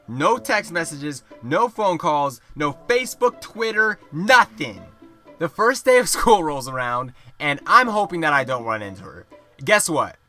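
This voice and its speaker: Young male vlogger, fairly high voice, swears a lot, soft music bed. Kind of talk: storytime vlog.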